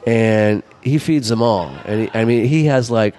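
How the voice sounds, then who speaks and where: A man's voice: lowish voice, moderate pace, a little mellow. A middle-aged man co-hosting a talk show, telling rambling stories in casual chat, laughing often and acting out what people said. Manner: rambling storyteller, acts out quotes, laughs often. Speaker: podcast co-host.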